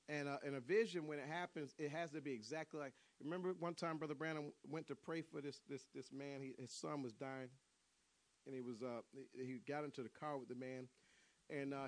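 A man preaching a sermon, telling stories, repeating and restarting his words and calling out to the congregation. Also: medium pitch.

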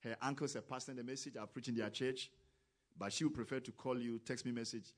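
A man preaching a sermon, who talks with grammar, acts out quoted voices and rises to loud, emphatic exclamations. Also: medium pitch, a little fast.

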